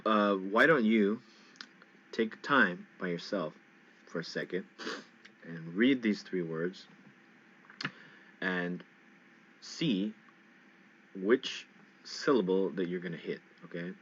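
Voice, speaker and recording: A man's voice: deep voice, fairly bright tone. A man teaching English pronunciation in a casual lesson, patiently repeating words for learners. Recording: dull lo-fi sound.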